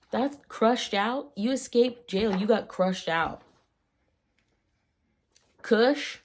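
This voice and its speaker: A woman vlogging casually about slang, playful and rambling, with jokey asides and quick tangents. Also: mid-range voice, a little mellow. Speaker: vlogger explaining old slang. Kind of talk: casual chat.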